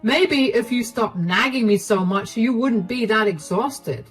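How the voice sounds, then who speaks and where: A man's voice: sits high, animated, a little slow, fairly bright tone, breathy edge, faint music behind, exaggerated voice. A woman voicing a lazy, defensive unemployed husband in a narrated story, with a whiny, evasive way of talking.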